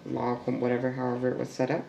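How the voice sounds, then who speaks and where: A man with a gravelly, creaky voice recounts a family story in a halting, searching way. He restarts sentences often and sometimes sinks into a hush. He is recorded in an echoey room with a faint noise underneath. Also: mid-range voice, completely flat delivery, dull audio. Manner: halting, with restarts and trailing fillers. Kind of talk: oral history storytelling.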